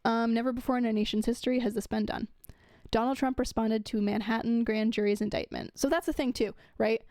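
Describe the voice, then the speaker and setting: A woman's voice: fairly high pitch, fairly even intonation, brisk, a little mellow, no echo. A young woman giving casual commentary, reading news quotes aloud and adding chatty asides with fillers.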